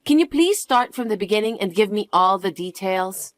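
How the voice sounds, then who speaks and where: A woman's voice: mid-range voice, expressive, normal speed, dry recording, lightly acted. A woman voicing a suspicious young adult daughter who questions everything in an incredulous, dismissive way. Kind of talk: dialogue story acting.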